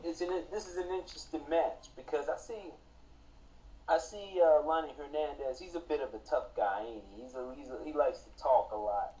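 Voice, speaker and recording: A man's voice: fairly high pitch, normal speed, mellow. A man talking as a guest in a casual podcast chat, swaggering and slangy, over dull lo-fi call audio.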